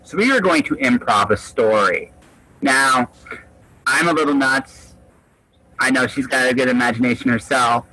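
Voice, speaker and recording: A man's voice: medium pitch, normal speed, long pauses, sharp tone, no echo, poor audio. A man hosting a casual live video-call chat, talking in a loose, rambling way with restarts. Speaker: podcast host.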